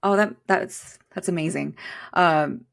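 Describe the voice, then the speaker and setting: A woman's voice: lowish voice, slow pace, creaky. A woman hosting a podcast interview, asking questions in an encouraging way. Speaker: podcast host.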